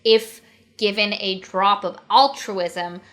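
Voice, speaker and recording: A woman co-hosting a relaxed book podcast, her voice sitting in an ordinary middle pitch. She retells the plot in an animated way, acting out quotes and swearing freely. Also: takes it slowly. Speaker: podcast co-host. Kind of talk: casual book-critique chat.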